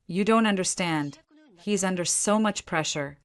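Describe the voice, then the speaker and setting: Storybook role: a fearful, self-blaming young wife, put on by a woman narrator, low voice, tense and pleading. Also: a little slow, lightly acted. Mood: distressed.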